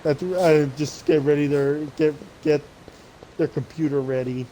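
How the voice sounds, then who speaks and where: A man's voice: on the high side, steady tone, measured pace, mellow, a little hiss or hum, rough recording. A young man streaming, chatting casually as he games, rambling with lots of swearing and restarts. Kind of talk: casual gaming chat.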